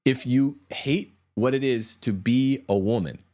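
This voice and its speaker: A man's voice: medium pitch, unhurried, warm tone. A man hosting a podcast, talking in an emphatic, combative way with sweeping asides. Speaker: podcast host. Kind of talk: opinionated podcast talk.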